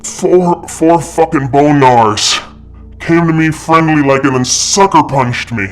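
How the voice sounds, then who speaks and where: A man voicing a beaten, bloodied werewolf man who speaks haltingly and repeats himself. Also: on the high side, faint music behind.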